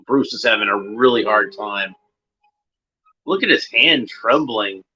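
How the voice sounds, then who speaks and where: A man's voice: on the low side, unhurried, sharp tone, slightly rough, dull audio. Chatty man doing watchalong commentary. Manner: chatty, enthusiastic, offhand asides. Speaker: watchalong host. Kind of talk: casual commentary over a cartoon.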